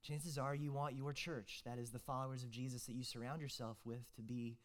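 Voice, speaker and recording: A man's voice: medium pitch, little pitch movement, fairly quick. A young man, preaching a casual, joking sermon as a guest preacher, full of fillers and restarts.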